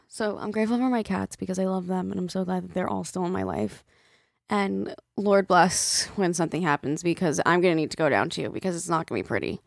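A woman co-hosting a podcast in casual chat, telling stories with lively acted-out quotes. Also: on the low side, a little fast, vocal fry, no echo, studio quality. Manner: animated storyteller acting out quoted voices. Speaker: podcast co-host.

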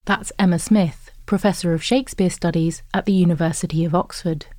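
A woman narrating an educational course in a clear, even, instructive scripted read. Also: lowish voice, brisk, no echo, clean studio sound.

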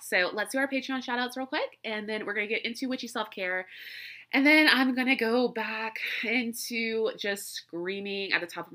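A woman speaks candidly on her podcast, swearing and laughing often. Her voice is very bright and forceful. She sounds congested from crying and allergies. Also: medium pitch. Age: 30s. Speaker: podcast host. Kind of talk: casual solo podcast talk.

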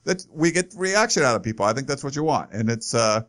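A man's voice: medium pitch, expressive, brisk, fairly bright tone. Easygoing male podcast host. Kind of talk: casual podcast chat.

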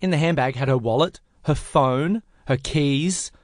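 A man in his twenties telling a story in casual podcast chat, acting out the other people with big jumps in pitch. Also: unhurried, no echo, clean studio sound. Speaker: podcast co-host.

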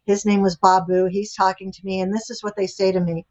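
Older woman guest, lively anecdotal storyteller, mid pitch, muffled audio. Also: fairly quick. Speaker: guest, author and relationship expert. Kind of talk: storytelling in a podcast interview. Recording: dull lo-fi audio.

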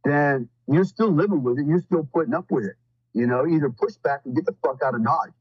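Husky-voiced man, blunt and rambling. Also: fairly high pitch, brisk, no echo, lo-fi sound. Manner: blunt and profane, rambling with many fillers. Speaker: podcast guest. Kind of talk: casual storytelling.

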